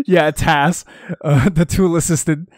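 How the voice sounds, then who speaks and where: A man co-hosting a podcast, chatting excitedly about a comic chapter and reading lines aloud with laughter. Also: fairly high pitch, slow pace, no room sound, clean studio sound. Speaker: podcast co-host. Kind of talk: casual chat reviewing a comic chapter.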